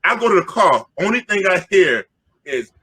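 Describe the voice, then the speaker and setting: A middle-aged man from Queens, telling an animated, jokey story and loudly acting out the crowd. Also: high voice, normal speed, slightly rough. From Queens, New York.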